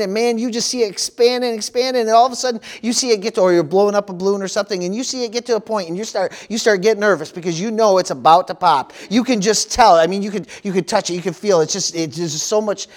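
High-voiced preaching pastor, call-and-response. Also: male voice. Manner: call-and-response preaching, frequent "praise the Lord" and "amen". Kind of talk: sermon.

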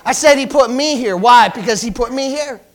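A man preaching a sermon in a strikingly high voice. He swings between fervent shouting and quieter teaching, with hallelujahs and praise calls breaking into his lines. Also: normal speed. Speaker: pastor.

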